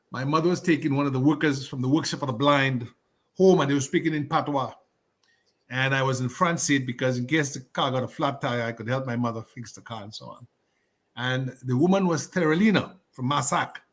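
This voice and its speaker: A man, a guest on a radio talk show who reminisces in a scholarly, digressive and measured way. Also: mid-range voice. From Dominica. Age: 60s.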